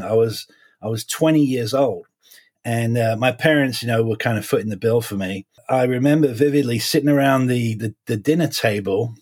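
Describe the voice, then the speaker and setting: Husky-voiced man in his forties, halting. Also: medium pitch. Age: 40s. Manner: halting and reflective, many restarts. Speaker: defense attorney. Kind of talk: interview.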